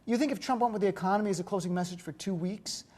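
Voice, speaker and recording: Middle-aged guy from north jersey, talks super fast, jokey political chat. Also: sits high, darkish tone. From North Jersey, USA. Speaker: co-host. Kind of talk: political discussion.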